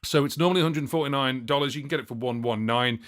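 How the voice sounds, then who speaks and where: A man's voice: medium pitch, quick pace, a bit bright. Chatty man hosting a music livestream. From United Kingdom. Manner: chatty and rambling, many fillers and self-corrections. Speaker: livestream host and looping musician. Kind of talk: casual livestream chat answering viewer questions.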